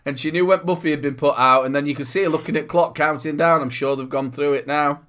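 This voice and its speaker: Northern English male co-host, high pitch, laughing storyteller, casual chat. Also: fast talker, a bit bright. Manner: laughing storyteller, swears freely. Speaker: podcast co-host.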